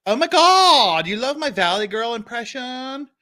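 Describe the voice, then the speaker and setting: A man's voice: very high-pitched, very animated, unhurried, bright, forceful tone, no room sound, clean studio sound, voice pushed up, heavily acted. A man voicing a ditzy young Valley Girl from the 1980s, gushing and overdoing every filler word.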